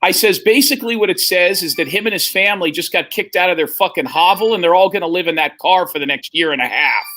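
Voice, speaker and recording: High, bright-voiced man spinning a yarn. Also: quick pace, few pauses. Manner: profane, animated storyteller who acts out the others' lines. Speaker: podcast host telling a story. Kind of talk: casual storytelling chat.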